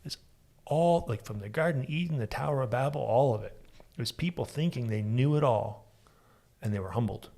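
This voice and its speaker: Husky-voiced man hosting a podcast. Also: mid-range voice, a little fast, mellow. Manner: reflective, backchannels often. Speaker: podcast host. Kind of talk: casual conversation.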